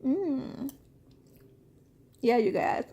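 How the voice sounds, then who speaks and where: A woman's voice: high voice, lively intonation, dark tone, husky, dull audio. Chatty woman vlogger tasting a snack. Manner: chatty, keeps addressing viewers as "you guys"; talks while eating, with drawn-out "mm" sounds. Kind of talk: casual taste-test chat.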